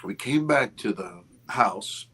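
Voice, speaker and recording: A man over fifty, an interview guest, telling a story with expressive, restarting speech. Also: on the low side, slow, slightly rough. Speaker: interview guest, film producer. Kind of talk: animated storytelling in a casual interview.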